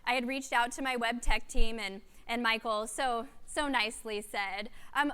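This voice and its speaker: A woman giving a keynote talk at a conference, telling a story with lively, animated delivery and acted-out quotes. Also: high voice, normal speed, hardly any pauses, clean tone. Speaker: keynote speaker. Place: conference hall. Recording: long hall reverb.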